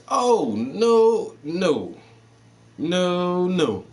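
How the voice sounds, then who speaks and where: A man in casual chat, telling stories full of swearing. He jumps into loud, high-pitched outbursts and then drops back to a low, laid-back voice. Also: sing-song, extremely slow. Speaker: livestream host.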